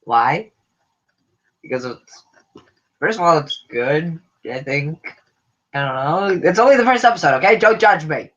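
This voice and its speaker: A man co-hosting a casual reality TV chat with his mother, answering calmly and mildly disagreeing. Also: a little high, unhurried, long pauses, highs cut off. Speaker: podcast co-host, son.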